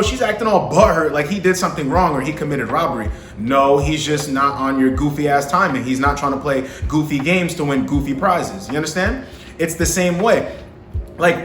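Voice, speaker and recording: A man's voice: a little high, fairly bright tone. A young man talking casually to camera about dating, slangy and profane, often asking the listener if they understand. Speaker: vlogger giving dating advice to men. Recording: echoey room with faint music.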